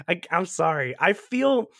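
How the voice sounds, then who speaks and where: A man on a podcast recapping a movie in casual chat, telling it with lively energy, laughing often and swearing freely. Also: sits high, vocal fry, dry recording, studio quality.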